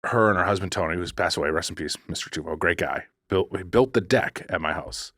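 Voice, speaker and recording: A man's voice: low voice, brisk, fairly bright tone, no room sound, studio quality. A man co-hosting a podcast, telling a ghost story in a casual, rambling way, restarting sentences and cracking jokes as he goes. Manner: rambling, self-correcting, jokey. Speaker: podcast co-host. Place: podcast studio.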